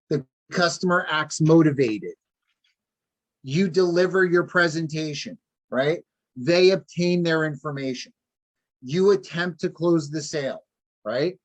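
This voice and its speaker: A man's voice: a little high, a little slow. Emphatic male sales trainer on a call. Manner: repetitive, emphatic, checks in with trainees. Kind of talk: live online sales training session.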